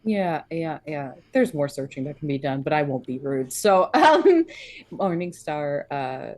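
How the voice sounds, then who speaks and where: A woman playing a tabletop game who takes her time with each line. Her voice is deep for a woman and unhurried. The sound is close and dry. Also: sing-song, a little mellow, no room sound. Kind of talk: casual in-character play.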